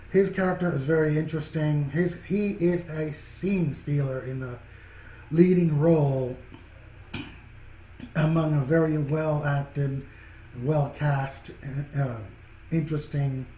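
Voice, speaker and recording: A man's voice: on the high side, warm tone. A man giving a casual spoken film review, rambling and restarting his phrases. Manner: rambling, repeats and restarts phrases, chuckles often. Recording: echoey room with faint background noise.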